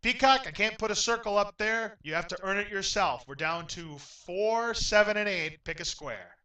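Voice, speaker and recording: A man hosting a game show in an upbeat, announcer-like way, getting loudly excited when a contestant wins. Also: high-pitched, moderate pace, far from the mic, low-quality recording.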